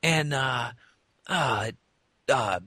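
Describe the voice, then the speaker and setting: A man's voice: mid-range voice, very slow, pushed and bright, dry recording, clean studio sound. A man in his thirties telling a story in a loose, profane way, often laughing as he talks. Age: 30s. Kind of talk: casual storytelling.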